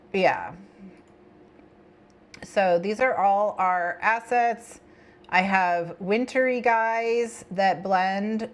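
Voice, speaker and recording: Slow-talking chatty woman streamer. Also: on the low side, gravelly. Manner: rambling, chatty, with bursts of excitement. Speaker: livestream host. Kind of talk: casual co-working stream chat.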